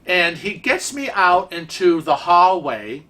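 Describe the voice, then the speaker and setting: A man host casually telling a story on his vlog, chatty and animated, acting out what others said. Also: sits high, slow. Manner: chatty, animated, acts out quoted dialogue.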